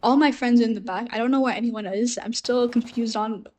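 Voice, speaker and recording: A woman's voice: a little high, a little fast, dark tone, a little hiss or hum. A young woman at university telling a story unscripted, rambling with many fillers and restarts, still coughing from a recent illness. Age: young adult. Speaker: university student.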